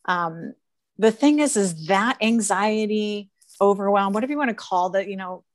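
A woman's voice: medium pitch, moderate pace, dry recording. A woman talking earnestly and emphatically in a casual conversation, laughing often as she coaches.

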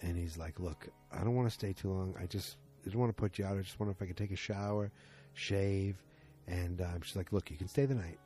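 A man's voice: low-pitched, fairly even intonation, a little fast, mellow, faint music behind. A man casually recapping a TV episode at home, rambling and acting out the characters' lines in a raised voice. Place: at home with the episode playing behind.

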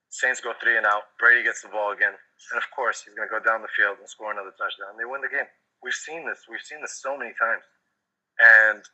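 A man's voice: fairly low pitch, pushed and bright, rough recording. A man co-hosting a casual sports podcast, ranting in a heated, exasperated way about plays. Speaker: podcast co-host.

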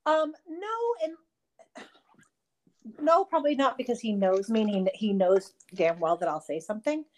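Woman co-host, lively and profane storyteller, casual chat. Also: a little high, moderate pace. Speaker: podcast co-host.

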